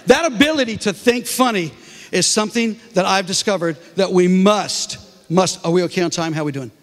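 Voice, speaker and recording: A middle-aged comedian speaking to a congregation, telling humorous stories with many restarts. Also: male voice, high-pitched, brisk. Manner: animated storytelling with many restarts. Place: large church hall. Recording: reverberant hall.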